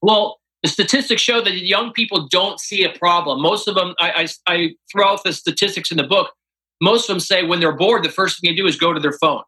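Bright, high-voiced man telling a story. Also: fairly quick, rough recording. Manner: animated, acts out quoted dialogue. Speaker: author and guest. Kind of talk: interview storytelling.

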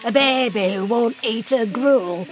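Woman doing snide cook, kinda high, music behind. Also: measured pace, close to an everyday voice. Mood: scornful. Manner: scornful, sneering. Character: harsh sarcastic household cook. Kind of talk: radio drama acting.

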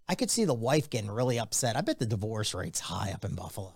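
Animated, lively-voiced male podcast host. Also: on the low side, quick pace, creaky, dry recording. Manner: animated, jokey storytelling. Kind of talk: casual sports betting chat.

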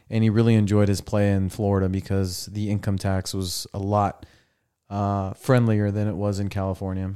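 A young man with a lowish, clear, resonant voice hosts a podcast on a studio mic. He chats casually and tells stories with animation, acting out the lines of the people in them.

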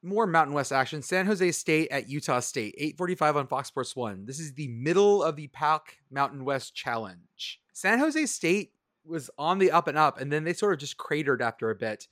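A man's voice: fairly high pitch, animated, moderate pace, a bit bright, dry recording, clean studio sound. A man co-hosting a casual sports podcast, talking in a sardonic, rambling way and swearing freely. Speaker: podcast co-host.

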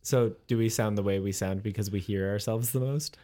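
Animated, rambling male podcast co-host. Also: lowish voice, brisk. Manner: rambling, animated, laughs while talking. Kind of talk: casual chat.

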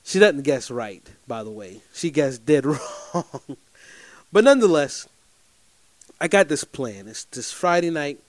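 A man telling a personal anecdote in an animated, emphatic way, often repeating phrases for effect. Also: fairly high pitch, unhurried, no echo.

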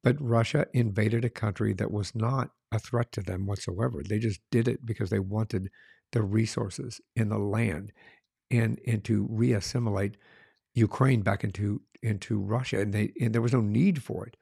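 A man's voice: fairly low pitch, fairly even intonation, normal speed, gravelly, mellow, husky, dry recording, clean studio sound. A middle-aged man co-hosting a casual film review chat, talking earnestly and often restarting his phrases.

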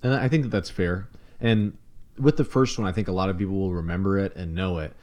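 A man's voice: sits low, a little fast, darkish tone. A man hosting a casual podcast, easygoing, asking questions and steering the talk. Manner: easygoing, leads the discussion. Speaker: podcast host.

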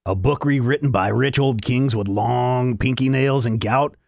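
A man putting on the voice of a gravelly old male mad scientist, drawling his words slowly. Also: mid-range voice, a little mellow, dry recording, studio quality. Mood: scornful.

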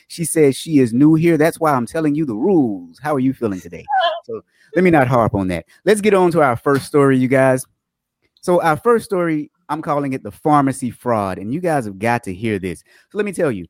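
A man's voice: mid-range voice, darkish tone, no room sound. Guy hosting a live stream, chatty and upbeat, medium voice, dry close mic. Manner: upbeat, chatty, greets viewers by name. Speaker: livestream host. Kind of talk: casual chat with viewers, reading fraud news.

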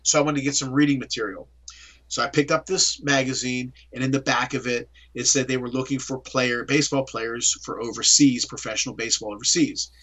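Fairly quick and medium in pitch, this middle-aged man's voice carries a Pittsburgh-area story told during an interview. As the guest, he narrates with energy and acts out what people said.

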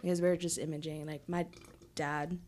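Woman with a really low voice, soft spoken, casual chat. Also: level tone, brisk, a little hiss or hum. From US, Vietnamese family.

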